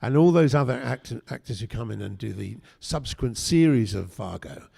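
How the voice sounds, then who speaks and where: A man's voice: medium pitch, lively intonation, moderate pace, vocal fry, a little mellow, breathy edge. An older man, a guest actor, telling chatty anecdotes at a convention panel interview, with frequent restarts. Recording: echoey hall.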